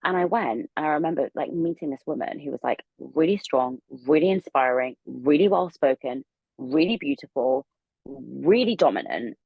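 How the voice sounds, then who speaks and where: A young woman telling a long story as a podcast guest, rambling and animated with plenty of fillers. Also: sits low, normal speed, vocal fry, husky, no room sound, phone-quality sound. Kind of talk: casual storytelling interview.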